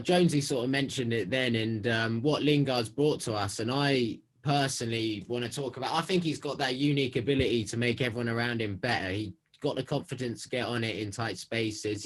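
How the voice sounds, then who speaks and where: A man's voice: mid-range voice, rough recording. A man co-hosting a casual football podcast, eager and talking his points through one by one. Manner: enthusiastic, runs through points in order. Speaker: podcast co-host.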